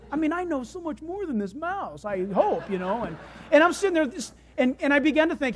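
A preacher telling homely stories in a sermon, talking in a conversational way that swings between loud, excited stretches and hushed, quiet ones. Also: high voice, normal speed. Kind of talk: sermon with storytelling.

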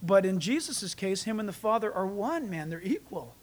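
A man, a pastor, preaching a sermon, swinging between loud emphatic peaks and quiet asides to the congregation. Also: sits high, sing-song, normal speed.

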